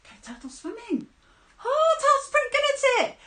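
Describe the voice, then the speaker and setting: Woman storyteller for children, bright and high, playful with sound effects, roomy echo. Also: a little fast. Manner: animated, playful, with sound effects and calls to join in.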